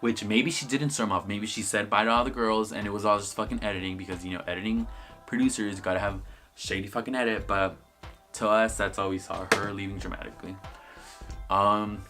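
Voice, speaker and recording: A man's voice: on the low side, fairly even intonation, a little fast, over music. A young man giving a casual, sassy review of a reality TV episode, swearing freely. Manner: sassy, swears a lot, acts out the cast in quotes. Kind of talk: casual vlog commentary.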